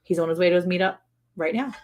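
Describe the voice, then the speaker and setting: A woman's voice: lowish voice, quick pace. Chatty woman on a ranch livestream. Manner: chatty, laughs often, mimics people in quoted voices. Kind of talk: casual livestream chat. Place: home on a farm.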